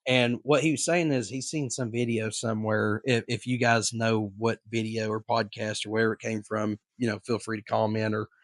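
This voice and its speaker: A man's voice: on the low side, little pitch movement, moderate pace, few pauses, no echo, studio quality. A man co-hosting a podcast, talking in a casual, earnest way with lots of fillers and restarts. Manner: rambling, filler-heavy, earnest. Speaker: podcast co-host.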